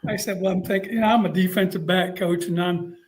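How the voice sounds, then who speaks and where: High-voiced man telling stories. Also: fast talker, slight background noise. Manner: animated storyteller, acts out quotes. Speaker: guest, college football coach. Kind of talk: casual storytelling interview.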